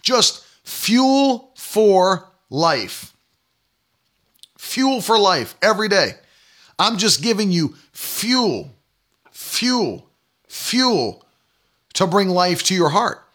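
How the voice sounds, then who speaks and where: A man's voice: sits high, big pitch swings, extremely slow, pauses often, fairly bright tone. A man in his thirties preaching a sermon, emphatic and repetitive, mocking the doubters he quotes. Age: 30s. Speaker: pastor.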